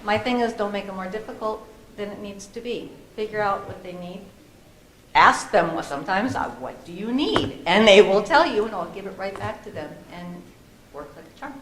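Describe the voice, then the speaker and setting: A woman panelist telling a lively story at a discussion panel, often laughing. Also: medium pitch, normal speed. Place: conference room with an audience. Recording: echoey room with faint noise.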